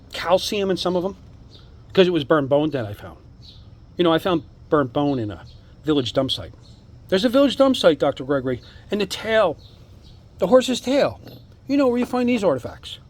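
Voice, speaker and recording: A man excitedly showing his stone collection to the camera, rambling from one topic to the next in a casual monologue. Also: a little high. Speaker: amateur artifact collector. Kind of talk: casual show-and-tell monologue.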